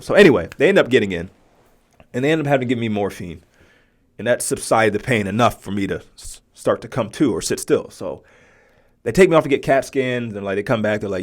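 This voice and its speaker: A man in his thirties, a podcast host telling a personal story in an animated way and acting out the voices of others. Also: on the low side, brisk. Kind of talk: storytelling monologue.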